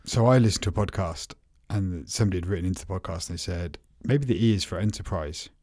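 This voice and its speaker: Deep-voiced man in casual tech chat. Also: fast talker, darkish tone, dry recording, studio quality. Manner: chatty, repeats and restarts words. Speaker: podcast co-host.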